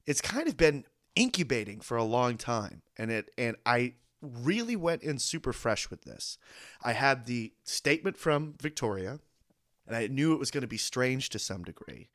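A man's voice: mid-range voice, a bit bright, no echo, clean studio sound. A man co-hosting a movie podcast, telling a story in a chatty, casual way. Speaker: podcast co-host.

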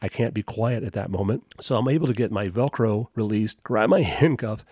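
A man's voice: lowish voice, brisk, darkish tone, slightly rough, no echo, studio quality. A man hosting a podcast, telling a first-person war story from his years as a police officer in a conversational way. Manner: conversational, with occasional chuckles.

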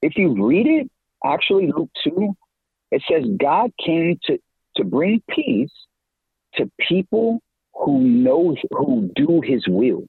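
Middle-aged male evangelist guest, slangy and animated; husky, dry and tinny like a phone. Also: slow pace, dry recording. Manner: animated, slangy, pitch leaps when excited. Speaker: podcast guest, evangelist and campus minister. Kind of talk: casual faith talk.

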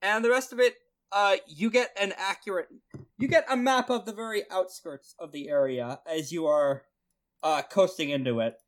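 A man running a tabletop game as game master, lively and quick to laugh, swearing now and then. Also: sits high.

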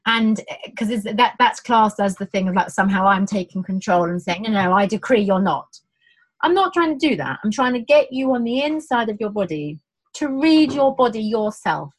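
A middle-aged woman, a birth educator, explaining labour in casual conversation, animated, acting out quotes with many restarts. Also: medium pitch, normal speed, low-quality recording.

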